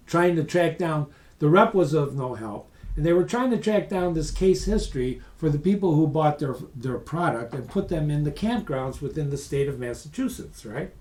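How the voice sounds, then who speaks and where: A middle-aged man presenting a business course in a lively, conversational way, acting out phone calls. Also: a little high, low-quality recording. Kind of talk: lecture for professionals.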